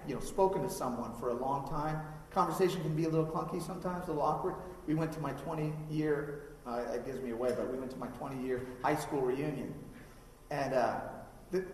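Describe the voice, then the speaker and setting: A man in his thirties preaches in a relaxed, conversational way, often putting questions to the congregation. His voice sits a little high for a man. The sound is a long, echoing hall reverb, picked up from some distance, with faint room ambience. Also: a little hiss or hum. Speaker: pastor. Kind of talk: sermon. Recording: echoey hall, mic from far off.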